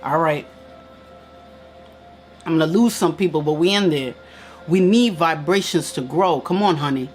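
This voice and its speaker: A woman's voice: deep voice, moderate pace, long pauses, darkish tone, faint music behind. A woman giving an emphatic, preacherly motivational talk on a live stream. She repeats her key lines and answers viewer comments. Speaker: spiritual teacher hosting a live stream.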